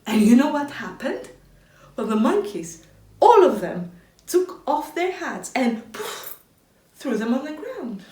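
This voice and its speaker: A woman telling a children's story in an animated, expressive way. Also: high-pitched, a little slow. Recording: echoey room, distant mic.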